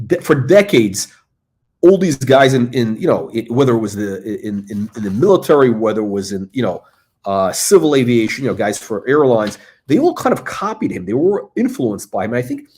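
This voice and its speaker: A middle-aged man chats casually as host of a live stream. He rambles, circles back and restarts his sentences, with plenty of "uh" and "you know" along the way. His voice sits at an ordinary middle pitch for a man. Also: darkish tone. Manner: rambling, with many fillers and restarts. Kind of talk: casual livestream chat.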